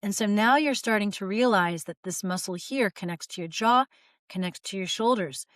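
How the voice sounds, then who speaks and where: A woman in her forties, a voice teacher, calmly guiding viewers through jaw and shoulder stretches. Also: mid-range voice, normal speed, no echo, clean studio sound. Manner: calm, guiding, gentle. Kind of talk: instructional video talk.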